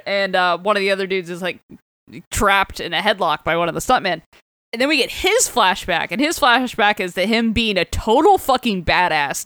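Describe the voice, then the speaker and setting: A woman chatting on a podcast, retelling a comic with plenty of laughter and quick character voices. Her voice is smooth and clear, recorded dry and close with no room sound. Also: mid-range voice, fairly bright tone, no echo. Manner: laughing often, acting out character lines in voices. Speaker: podcast co-host. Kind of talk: casual chat recapping a comic.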